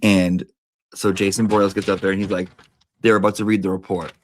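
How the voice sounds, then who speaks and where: A man's voice: low voice, little pitch movement, brisk, slight background noise. Emphatic, profane man telling a story. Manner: emphatic and profane, with lots of asides. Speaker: vlogger. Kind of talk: casual storytelling monologue.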